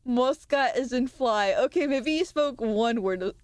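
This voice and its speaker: Woman streamer, young adult, higher voice with lots of swing, dry close sound, teasing banter with chat. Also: lively intonation, unhurried, dry recording. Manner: banters with chat, reads messages aloud, laughs often, swears. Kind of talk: casual live-stream chat with viewers.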